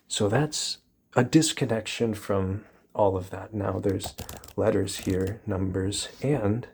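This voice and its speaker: Man, ASMR rambling, very slow, gravelly, soft whispers, repetitive. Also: lowish voice. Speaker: ASMR creator.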